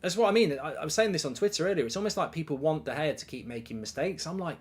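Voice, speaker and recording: A man hosting a live football watchalong, chatting casually, telling stories and reading out viewer messages with swearing and lively asides. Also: on the high side, fast, few pauses. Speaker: live stream host reading super chats.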